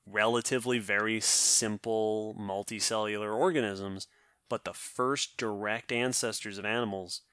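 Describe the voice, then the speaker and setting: Man, podcast co-host, explanatory, restarts mid-sentence, bright forceful tone, dry close sound. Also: fairly low pitch, clear, resonant tone, no room sound. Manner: explanatory, thinks aloud with restarts. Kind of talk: casual science podcast chat.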